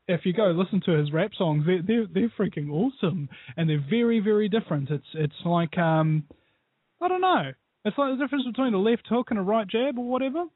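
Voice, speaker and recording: A New man with a fairly high voice rambles through opinions as a guest on a call-in interview, animated and digressive. He comes through a tinny, phone-like internet call line. The sound is bone dry, with no room around it. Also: brisk, dry recording. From New Zealand. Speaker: guest, radio show host. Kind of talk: call-in interview over Skype.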